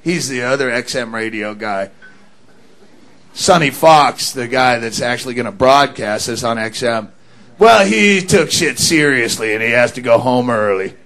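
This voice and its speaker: A male comedian on a radio stage, making crude jokes and slow, offhand asides. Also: mid-range voice, fairly bright tone. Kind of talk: stand-up comedy.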